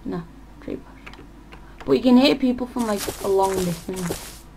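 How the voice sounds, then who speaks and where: A woman's voice: mid-range voice, measured pace, creaky, mellow, rough recording. A woman giving casual gameplay commentary for her channel, thinking aloud and often trailing off mid-sentence. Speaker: gaming channel host. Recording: audible background noise.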